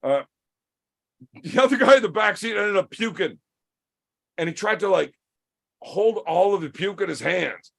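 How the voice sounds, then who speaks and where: A man hosting a podcast, telling a story in a casual, profane and animated way. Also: high-pitched, normal speed, gravelly, pauses often. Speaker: podcast host.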